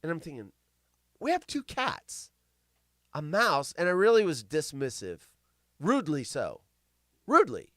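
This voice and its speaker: A man's voice: a little high, huge pitch swings, a little slow, long pauses, a bit bright, no room sound, clean studio sound. A male host telling crude, self-mocking stories and riffing on the news on a live comedy show.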